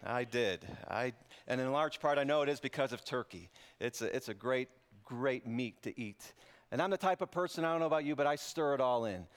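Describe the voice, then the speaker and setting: A male pastor giving a sermon in a relaxed, conversational way, mixing scripture reading with light jokes. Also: mid-range voice, brisk. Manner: joking, conversational preaching. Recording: podcast intro over loud guitar music.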